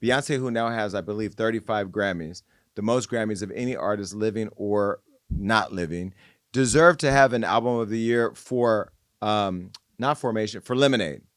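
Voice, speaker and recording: A man hosting a podcast, giving casual, opinionated pop-culture commentary in an animated, gossipy way. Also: lowish voice, normal speed, dry recording, clean studio sound. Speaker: podcast host.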